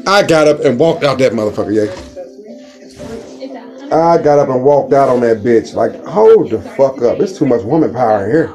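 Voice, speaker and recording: A man telling stories in a casual chat, loud and animated, acting out the voices of the people in them. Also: medium pitch, normal speed, pauses often, soft background music. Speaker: storyteller in a casual conversation.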